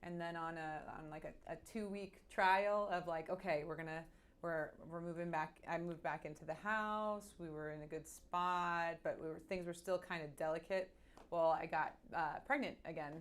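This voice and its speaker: A woman tells a personal story as an interview guest. She speaks in a halting, animated way and keeps restarting her sentences. Her voice sits a little low for a woman.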